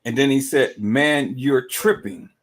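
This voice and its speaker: A man's voice: medium pitch, measured pace. A man giving casual livestream commentary, emphatic and repetitive, asking rhetorical questions.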